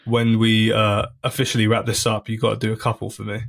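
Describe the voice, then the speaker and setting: A man, a comedian guest in a casual podcast chat, laid-back and quick to laugh. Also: lowish voice, monotone, gravelly, a bit bright.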